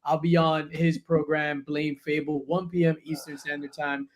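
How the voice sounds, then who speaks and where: A man hosting a casual pop-culture panel chat, loud and joking as he tells stories. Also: on the high side, level tone, moderate pace. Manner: loud, laughing, joking storyteller. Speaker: podcast host.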